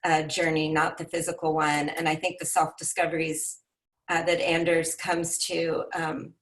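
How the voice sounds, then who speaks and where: A woman's voice: low voice, level tone, normal speed, far from the mic. Woman editor reading aloud, set back from the mic. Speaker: book editor. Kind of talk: reading aloud and discussing a book. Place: home, video call. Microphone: computer mic on a video call.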